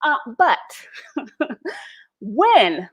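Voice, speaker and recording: A woman's voice: high-pitched, sing-song, very slow. A woman ranting brashly and profanely to her live stream viewers, laughing often, recorded at home on a laptop mic. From United States. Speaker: vlogger hosting a live stream. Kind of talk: candid unscripted rant to viewers. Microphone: laptop built-in mic.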